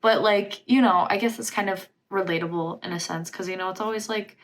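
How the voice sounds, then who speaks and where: A woman's voice: medium pitch, normal speed, slight background noise. Brief: woman vlogger, enthusiastic album reaction, filler-heavy chatty delivery, mid-range voice. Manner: gushing, filler-heavy talk with lots of "like". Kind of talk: casual album review chat.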